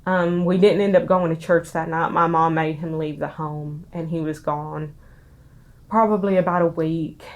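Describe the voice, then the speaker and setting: A young woman with a Southern US accent, crying as she recounts a painful memory in a halting, soft-spoken interview. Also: low-pitched, fairly even intonation, muffled recording. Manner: halting, soft-spoken, many pauses and restarts. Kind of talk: emotional personal testimony.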